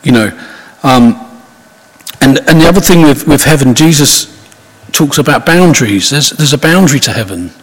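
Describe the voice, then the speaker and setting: A man's voice: medium pitch, lively intonation, normal speed, long pauses. A man giving an informal, conversational sermon, rambling with restarts and asides. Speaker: preacher. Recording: husky voice in long hall reverb.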